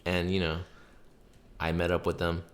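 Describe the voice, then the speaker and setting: A man's voice: sits low, normal speed. A young adult man hosting a casual chat, telling stories with lots of swearing and laughter. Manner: animated storytelling, swears a lot, laughs often. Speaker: podcast host.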